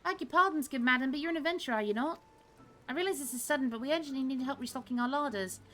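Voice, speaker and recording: Anxious kitchen worker, politely urgent, voiced by a woman, bright. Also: high-pitched, rapid-fire, faint music behind, pitched above the performer's own voice. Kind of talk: reading game dialogue aloud.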